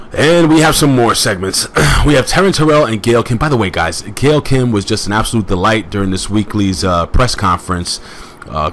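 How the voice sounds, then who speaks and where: A man casually recapping a wrestling show as host, rambling with excitable asides and plenty of fillers. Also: low-pitched, slight background noise.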